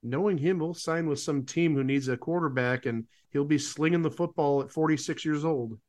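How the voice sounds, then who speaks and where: A man's voice: on the high side, normal speed, a little mellow. A man co-hosting a podcast in casual chat, opinionated and given to sarcastic asides. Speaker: podcast co-host.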